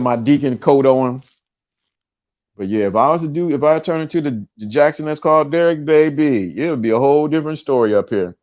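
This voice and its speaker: A man hosting a casual livestream, talking in an animated way, often laughing and using streetwise slang. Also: mid-range voice. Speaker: livestream show host.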